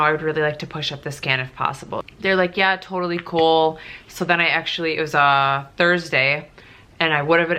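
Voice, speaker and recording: A woman's voice: deep voice, sharp tone. A young woman chatting through a casual Q&A vlog, emotional and close to tears at times, with lots of fillers. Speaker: nurse and vlogger.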